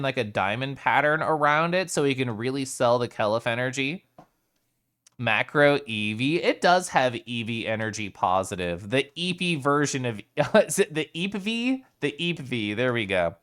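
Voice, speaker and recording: Playful, lively-voiced streamer chatting. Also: mid-range voice. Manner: playful and chatty, laughs often, greets viewers by name. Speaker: live streamer. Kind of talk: casual chat with viewers.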